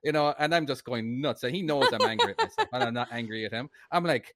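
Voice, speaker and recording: A man in his forties with a thick Irish accent, telling a story in a lively, casual way, with swearing and laughter. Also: medium pitch, fast talker, dry recording. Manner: animated anecdote teller, swears, laughs.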